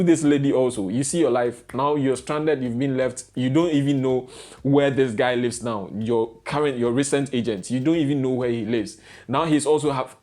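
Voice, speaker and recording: A man's voice: mid-range voice, a little mellow. A young man vlogging, ranting in casual commentary with exasperated, repeated rhetorical questions.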